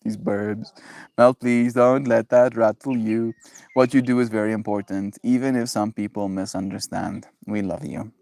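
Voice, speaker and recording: A man's voice: lowish voice, steady tone, moderate pace, gravelly, darkish tone. A man on a daily livestream, chatting in a rambling, playful way, laughing often and reading viewer messages aloud. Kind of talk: casual livestream chat.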